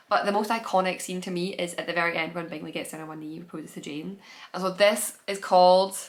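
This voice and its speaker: A woman's voice: on the low side, fairly bright tone. Gushing woman hosting a chatty podcast. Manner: gushing, enthusiastic; chatty with trailing restarts. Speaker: podcast host. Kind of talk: casual chat.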